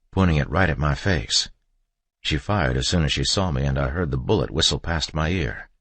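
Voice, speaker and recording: A man narrating a first-person horror audiobook in a steady, measured reading. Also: a bass voice, no room sound.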